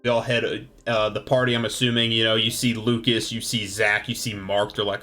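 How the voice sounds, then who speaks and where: Male game master, casual rambling narration, lowish pitch, bright tone, faint music behind. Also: flat delivery, brisk, few pauses. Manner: loose, rambling, lots of fillers.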